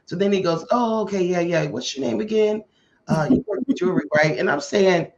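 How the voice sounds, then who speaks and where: A woman hosting a podcast tells a personal story in a casual way and acts out the dialogue with lively voices. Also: on the low side, fairly quick, a little hiss or hum. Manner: animated, acts out quoted dialogue. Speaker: podcast host. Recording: muffled lo-fi audio.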